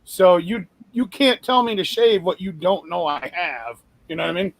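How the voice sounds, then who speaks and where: A man hosts a loose podcast conversation, wandering through his thoughts with lots of fillers and a few curse words. His voice sits fairly high for a man. The sound is dry and close, with no room in it. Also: normal speed, no room sound. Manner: rambling, profane, lots of fillers and restarts. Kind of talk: casual chat.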